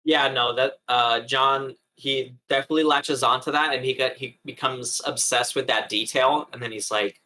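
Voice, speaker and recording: A man with a bright, forceful voice talking eagerly through his character's actions. His pitch sits in the middle of the range. He rushes ahead with enthusiasm. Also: steady tone, low-quality recording. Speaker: player. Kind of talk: casual tabletop play.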